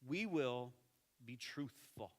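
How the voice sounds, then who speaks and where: A man preaching a sermon as lead pastor, animated, with emphatic repetition and quieter, intense passages. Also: mid-range voice, slow. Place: church sanctuary. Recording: church hall with long reverb.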